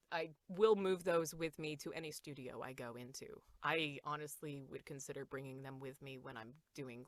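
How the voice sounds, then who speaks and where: A woman voice actor in a casual podcast chat, talking fast and laughing often as she acts out quotes. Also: deep voice, a bit bright, no echo. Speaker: voice actor guest.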